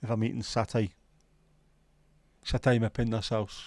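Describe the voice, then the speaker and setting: A man's voice: lowish voice, flat delivery, unhurried, dry recording. A man hosting a livestream, chatting casually and cheekily with viewers and reading out their comments by name. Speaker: livestream host.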